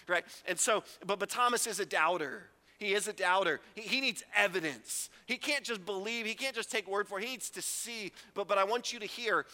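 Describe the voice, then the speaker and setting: A middle-aged man preaching a sermon as pastor, animated, acting out quotes and laughing often. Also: high-pitched. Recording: reverberant hall.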